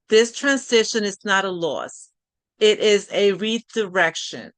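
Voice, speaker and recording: A woman's voice: mid-range voice, unhurried, fairly bright tone, no room sound. A middle-aged woman hosting a live coaching session, talking in a conversational, encouraging way with frequent restarts. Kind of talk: live online workshop talk.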